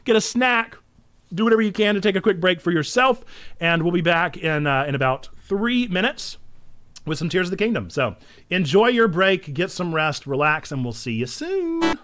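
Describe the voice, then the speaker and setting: A young man hosting a live game stream, chatting casually and excitably with frequent giggles. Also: high voice, clean tone.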